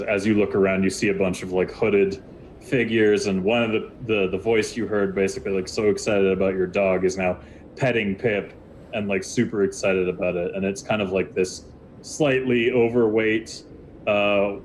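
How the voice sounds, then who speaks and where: Game master, man, very deep voice, loose rambling narration, faint hiss. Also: low-quality recording. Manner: rambling, many fillers and restarts.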